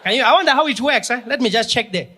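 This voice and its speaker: A comedian voicing an excited grown man with a South African accent who loudly marvels at escalators. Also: very high-pitched, fast talker, background noise, pitched above the performer's own voice. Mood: amazed. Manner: loud, marveling, exclaiming.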